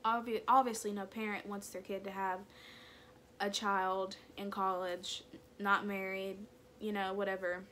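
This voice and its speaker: A young woman telling a personal story in a chatty, animated way, full of "like"s. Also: mid-range voice, a little slow, a little hiss or hum. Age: young adult. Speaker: vlogger.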